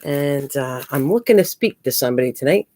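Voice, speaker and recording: A woman's voice: a bass voice, animated, a little fast, mellow. An older woman hosting a casual live stream from home while crafting, chatting with viewers and calling them pet names.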